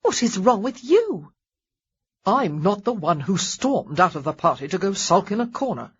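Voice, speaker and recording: A spirited young lady, quick to outrage, as a woman reader puts her on, her voice climbing high and sharp. She snaps back in lively, swooping retorts. The audio is dull and muffled. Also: slightly rough, no room sound. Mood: indignant.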